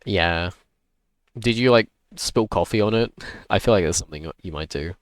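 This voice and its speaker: A man streaming a game live, chatting playfully and greeting his viewers with excitement. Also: low-pitched, moderate pace, no room sound, clean studio sound. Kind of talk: casual livestream chat while gaming.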